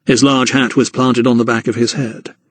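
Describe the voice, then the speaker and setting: A man narrating a historical mystery audiobook in a measured storytelling manner. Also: mid-range voice, little pitch movement, no room sound. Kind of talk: scripted narration.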